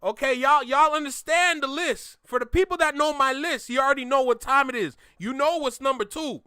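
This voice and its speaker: A man's voice: very high voice, a little fast, pushed and bright. A man hosting a reaction video, talking casually with slang and laughter and repeating his disbelief.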